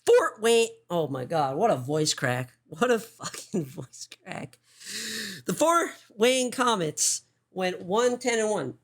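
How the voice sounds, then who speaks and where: Woman streamer, casual commentary, heavy swearing, mid pitch. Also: big pitch swings. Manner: swears often, talks in quick restarts. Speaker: streamer hosting a show.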